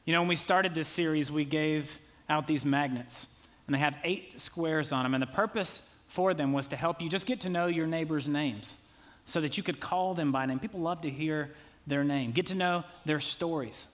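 A man's voice: a little high, moderate pace, a bit bright. A man in his thirties preaching a sermon as a pastor, talking in a conversational way with jokey asides.

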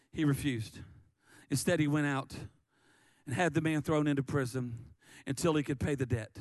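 A man preaching a sermon, animated and lively, often stammering and repeating words as he acts out the story. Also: a little high, dry recording. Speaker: pastor.

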